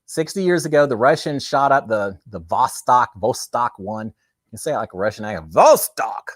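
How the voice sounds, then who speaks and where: A man's voice: mid-range voice, lively intonation, moderate pace, no room sound, clean studio sound. A man hosts a casual, chatty livestream. He talks with enthusiasm and plenty of fillers. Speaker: host.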